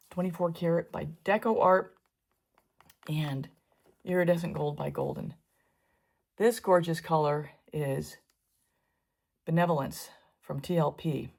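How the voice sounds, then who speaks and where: A woman's voice: deep voice, steady tone, a little slow, gravelly, long pauses, darkish tone. A middle-aged woman talking her way through a painting tutorial in a chatty, wandering way, with asides while she works. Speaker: fluid art painter teaching. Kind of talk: casual painting tutorial narration.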